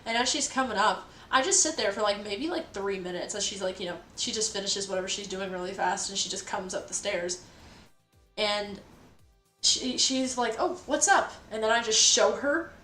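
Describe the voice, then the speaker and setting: Doing the dishes during a kitchen livestream, this young woman tells a story in a blunt, offhand way, cursing without restraint. She speaks in a mid-range voice at a moderate pace, with a bright, forceful tone. Soft music plays, and pots and dishes clatter around the spacious room, where she sits well away from the microphone.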